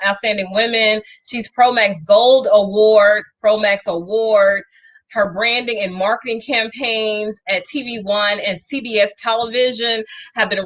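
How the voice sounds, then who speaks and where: A talk show host with a bright, forceful voice. She gushes with emphatic praise and lays on the compliments, leaning into each one. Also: mid-range voice. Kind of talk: effusive interview chat.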